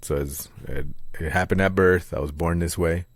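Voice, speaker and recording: Deep, breathless man chatting on a podcast. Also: steady tone, no echo, studio quality. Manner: breathless, pauses often, laughs a lot. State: short of breath. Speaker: podcast co-host. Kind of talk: casual chat.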